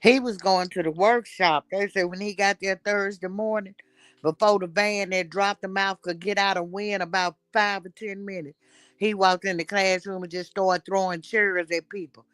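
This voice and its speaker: A woman hosting a casual chat, blunt and animated as she gossips. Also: mid-range voice, normal speed, dry recording. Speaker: show host.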